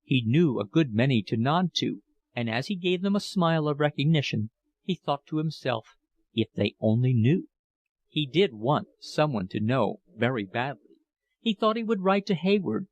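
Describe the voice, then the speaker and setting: A man reading a classic novel aloud as an audiobook narrator, with a measured, expressive delivery. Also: medium pitch, dry recording.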